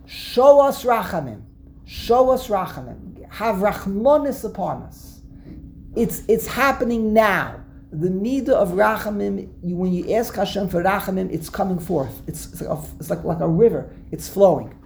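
A woman's voice: mid-range voice, moderate pace, creaky, darkish tone, slight background noise. A woman teaching a Torah text class, explaining word by word, repeating herself and acting out the verses she quotes.

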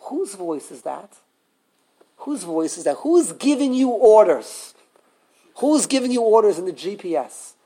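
Guy giving a torah class, high gravelly voice, lots of questions and restarts. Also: a little slow. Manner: animated, quizzes the class, frequent restarts. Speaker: Torah teacher. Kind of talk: live Torah class lecture.

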